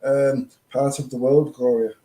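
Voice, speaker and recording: A man's voice: mid-range voice, little pitch movement, a little slow, warm tone. Upbeat man co-host, echoey room. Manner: upbeat, urging viewers on. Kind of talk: casual live-stream chat.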